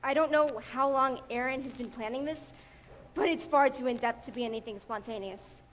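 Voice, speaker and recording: A woman plays a serious young woman who reasons things through aloud on stage. The voice is high and steady. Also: moderate pace, in a large hall, slight background noise. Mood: earnest. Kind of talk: live stage musical acting.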